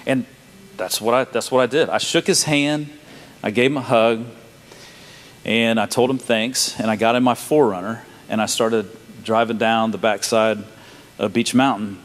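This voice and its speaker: A man's voice: medium pitch, steady tone, moderate pace. Man telling a story in a hall. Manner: folksy, laughing storyteller, emotional. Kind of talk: personal testimony told to a live audience. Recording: reverberant hall.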